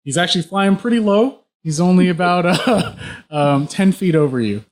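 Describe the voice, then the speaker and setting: A man's voice: high-pitched, expressive, normal speed. A man running a tabletop game as game master, narrating casually with frequent laughs and fillers. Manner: easygoing, laughs often, filler-heavy narration.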